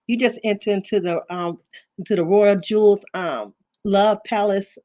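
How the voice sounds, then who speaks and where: A woman's voice: medium pitch, steady tone, moderate pace, mellow, highs cut off. A middle-aged woman hosting a livestream, chatting nervously and apologetically, with many ums and you-knows. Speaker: YouTube live-stream host. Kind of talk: casual livestream chat.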